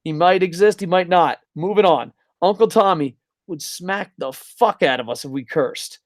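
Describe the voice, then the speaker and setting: A man from New Jersey co-hosting a casual podcast, talking in a profane, excitable way and loudly acting out announcers. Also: sits high, normal speed, no echo, studio quality. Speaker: co-host.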